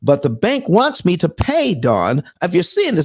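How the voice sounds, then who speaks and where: A man's voice: sits high, wildly swooping pitch, unhurried, few pauses, husky. A man hosting a live finance stream, talking emphatically in a preacher-like style with dramatic asides.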